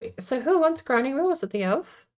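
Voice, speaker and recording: A woman's voice: high-pitched, lively intonation, fairly quick, darkish tone. A woman streaming a card game, chatting casually and playfully and laughing often. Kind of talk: casual chat while gaming.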